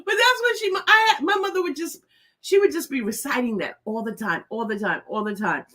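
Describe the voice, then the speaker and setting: A woman's voice: high-pitched, expressive, brisk, sharp tone. A middle-aged woman hosting a casual live stream, chatty and laughing often as she greets viewers by name. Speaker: host.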